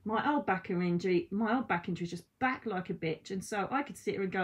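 A woman giving a casual oracle card reading at home, chatty and blunt, with swearing and lively asides. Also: mid-range voice, quick pace, hardly any pauses. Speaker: psychic card reader. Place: at home by window blinds.

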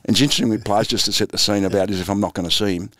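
A man's voice: lowish voice, fairly even intonation, very fast, fairly bright tone, dry recording, clean studio sound. An Australian man in his sixties, a former footballer and coach, telling anecdotes in a laid-back, chuckling interview style. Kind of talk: storytelling interview.

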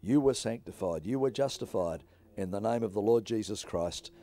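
A man reading scripture aloud in a measured, announcer-style delivery. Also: on the low side, expressive, dark tone. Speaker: scripture reader.

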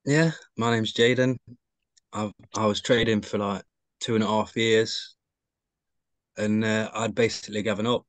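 A man with a low, flat voice introduces himself on a video call. He is matter-of-fact and plain-spoken. The sound is dry and close. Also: unhurried, pauses often, no echo. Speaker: student in the class. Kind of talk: casual self-introduction.

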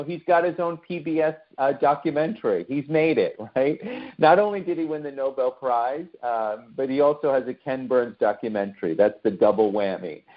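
A man's voice: medium pitch, phone-quality sound. A man from the United States giving a conversational online talk to a remote audience, often posing questions to his listeners. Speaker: lecturer.

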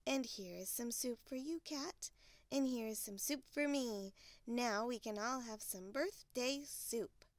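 A woman voicing an eager little male bear cub in a storybook read-aloud, with a high, sing-song manner. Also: a little slow, dry recording, close to an everyday voice.

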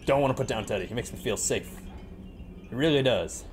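The gamer's medium-pitched voice is expressive and brisk as he commentates a horror game, exclaiming at scares and joking with viewers. Game music runs underneath, along with a little hiss or hum.

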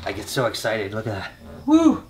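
Chatty excited man vlogging. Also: mid-range voice, normal speed, slight background noise. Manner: chatty and excitable, addresses viewers as guys. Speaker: vlogger host. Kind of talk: casual vlog talk to camera.

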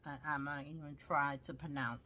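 A woman's voice: deep voice, steady tone, moderate pace, sharp tone, a little hiss or hum. A woman with a Brooklyn accent showing her handmade journals, chatting casually and rambling with lots of fillers. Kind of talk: casual show-and-tell.

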